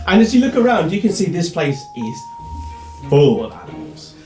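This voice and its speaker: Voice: mid-range voice, very animated, normal speed. A game master, narrating a tabletop game in a giggly, rambling way. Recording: echoey room with music behind.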